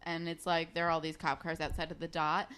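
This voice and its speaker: A woman's voice: sits low, little pitch movement, a little fast, a bit bright, clear, resonant tone. A young woman co-hosting a podcast, sarcastically recapping a TV episode in casual chat that is full of "like". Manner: sarcastic, says "like" a lot. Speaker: podcast co-host.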